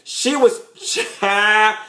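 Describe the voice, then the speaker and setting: A flamboyant man dishes out a gossipy TV recap in a high voice. He talks with sass and drama, and his voice rings around an echoey room. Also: very slow, bright, forceful tone. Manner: flamboyant, sassy, peppered with "honey" and "child". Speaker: show host and TV recapper.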